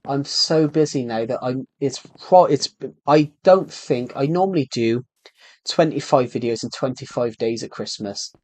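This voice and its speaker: Slightly slow and a bit mellow, the medium-pitched voice belongs to a young gaming streamer with a sore throat. His casual in-game chat meanders, with plenty of fillers and restarted thoughts.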